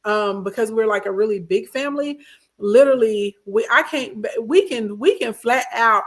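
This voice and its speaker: A woman's voice: on the high side, moderate pace, a bit bright. Emphatic woman giving relationship advice. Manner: emphatic, repeats herself, checks in with listeners. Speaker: host answering viewer comments. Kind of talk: casual advice talk, livestream.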